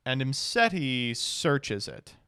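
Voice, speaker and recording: A streamer reading card text aloud in a casual review, stopping for blunt, swearing reactions. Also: male voice, mid-range voice, very animated, takes it slowly, sharp tone, clear, resonant tone, no echo, studio quality.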